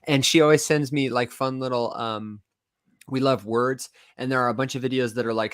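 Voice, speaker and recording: A man's voice: medium pitch, fairly quick. A man with a Michigan accent and a nasal, reedy voice, chatting casually as a podcast host and telling stories with animation. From Las Vegas to Michigan, United States. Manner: animated storyteller, laughs easily. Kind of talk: casual livestream podcast chat.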